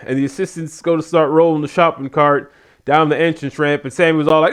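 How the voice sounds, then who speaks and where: A man's voice: on the high side, a little fast, clear, resonant tone. A man giving a casual spoken review of a wrestling show, animatedly retelling what happened. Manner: animated retelling, acts out quotes.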